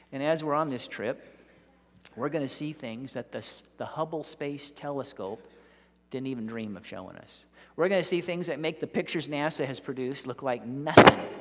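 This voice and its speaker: High-voiced preacher in a reverberant hall. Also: male voice. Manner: vivid storytelling, swelling to loud peaks. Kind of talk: sermon.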